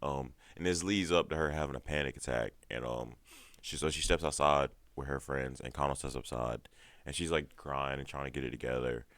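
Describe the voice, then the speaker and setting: A man's voice: extremely low pitch, steady tone, fairly quick, fairly bright tone, no echo. A man with a stuffed-up nose giving a heated, rambling TV show recap full of swearing. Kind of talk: casual profane TV recap.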